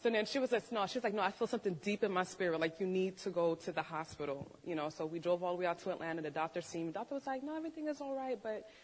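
A woman, a nurse, telling her story as a testimony to a church congregation, animated, acting out the voices of the people in it. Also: lowish voice, very fast, few pauses. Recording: long hall reverb.

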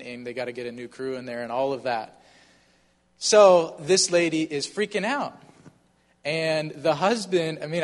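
A man's voice: fairly high pitch, big-room sound. A man casually telling a personal story, with frequent fillers and a conversational, earnest manner. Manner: conversational, many fillers like "you know".

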